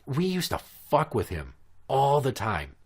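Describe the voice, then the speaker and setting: A man's voice: medium pitch, wildly swooping pitch, measured pace, breathy edge. A man from Minnesota hosting a podcast, telling stories in a crude, profane, casual way and laughing at his own jokes. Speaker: podcast host. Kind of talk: casual storytelling chat.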